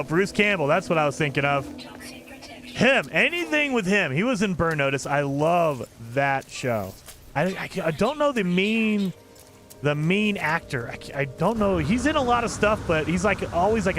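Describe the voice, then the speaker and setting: While streaming a video game, this man chats loosely and rambles with enthusiasm, often laughing at his own remarks. His voice sits high and has a sharp tone.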